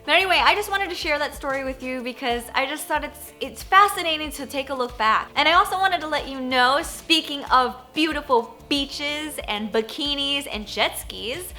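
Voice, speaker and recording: A woman in her thirties tells a vlog story in a high, bright voice. She is animated, fills her sentences with "like", and acts out her own reactions. Faint music plays behind her. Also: moderate pace, hardly any pauses. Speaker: poker journalist and vlogger.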